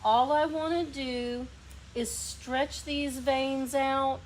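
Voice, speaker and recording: A woman's voice: high voice, fairly even intonation, extremely slow, a little hiss or hum, rough recording. A woman with a lazy Southern drawl hosting a painting demo in a workshop, chatting and coaching a helper as she works. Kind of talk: hands-on demonstration.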